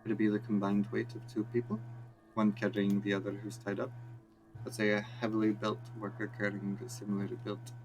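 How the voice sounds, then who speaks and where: A man voicing a calm, methodical male police lieutenant in a video game, speaking in a measured, matter-of-fact way. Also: lowish voice, noisy background, close to an everyday voice.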